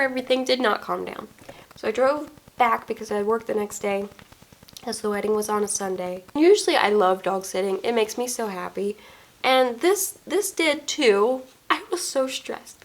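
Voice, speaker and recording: Young female vlogger, mid-high and a bit gravelly, animated storyteller who acts out quotes. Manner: animated storytelling, acting out quoted dialogue, frequent laughs. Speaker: wedding photographer and vlogger. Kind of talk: casual storytime vlog.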